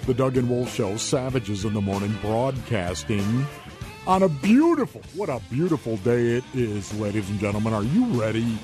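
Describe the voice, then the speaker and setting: A man's voice: on the low side, brisk, hardly any pauses. A man hosting a morning sports radio show from a studio, with an upbeat, showman delivery. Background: guitar music bed.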